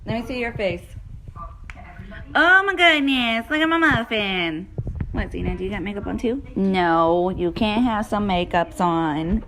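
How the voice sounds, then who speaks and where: Blunt, chatty mom vlogging at home. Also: female voice, medium pitch, moderate pace, rough recording. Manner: scolds kids bluntly, coos at dog. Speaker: mother and vlogger. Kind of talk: casual home vlog chatter. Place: family home indoors.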